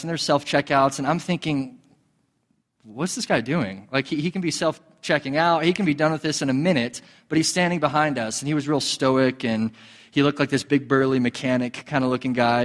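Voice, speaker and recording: A man's voice: a little high, a bit bright. A man preaching a sermon in a conversational, storytelling way, with fillers and repeated words. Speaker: pastor. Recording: long hall reverb.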